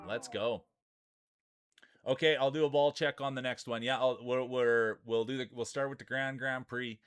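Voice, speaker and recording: A man with a medium-pitched, fairly bright, clear and resonant voice speaks at normal speed with fairly even intonation, and there's no room sound. Hosting a live stream, he calls marble races in hyped mock sports play-by-play and greets chatters by name.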